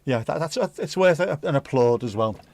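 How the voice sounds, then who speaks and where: A man's voice: mid-range voice, lively intonation, moderate pace, darkish tone. A man hosting a casual livestream who reads viewer comments in a jokey, rambling, playful way. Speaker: livestream host.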